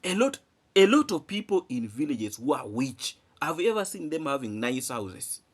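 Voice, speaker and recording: A man talks straight to his viewers in an animated commentary. He hammers his points home with repeated phrases and rhetorical questions, and his pitch leaps and dips freely as he goes. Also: normal speed, husky. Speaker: vlogger.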